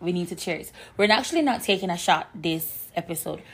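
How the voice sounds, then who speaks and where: A woman co-hosting a podcast in casual chat, her voice hoarse from shouting, telling stories with lots of fillers. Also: on the low side, brisk. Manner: chatty, animated storyteller with frequent fillers. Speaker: podcast co-host.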